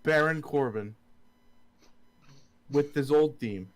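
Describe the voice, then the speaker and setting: A young man telling a silly made-up story in a deadpan way during a casual chat. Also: on the high side, slow pace.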